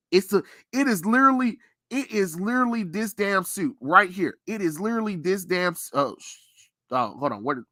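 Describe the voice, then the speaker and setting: A man hosting a casual pop culture chat, ranting with animated energy and plenty of swearing. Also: on the high side, no echo, clean studio sound. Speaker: podcast host.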